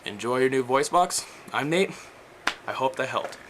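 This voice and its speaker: A man's voice: mid-range voice, lively intonation, normal speed, background noise. A young man explaining death metal vocals in a casual, rambling way, full of fillers and trailing off, breaking into growls and screams as he demonstrates. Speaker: vocal tutorial maker.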